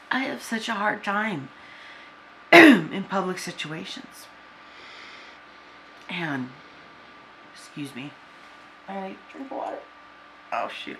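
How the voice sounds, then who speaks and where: A woman in her forties talking to a camera, venting in a halting, downcast way with many restarts. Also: fairly low pitch, lively intonation, vocal fry, background noise. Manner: subdued and downcast. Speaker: vlogger. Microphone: camera with a person filming.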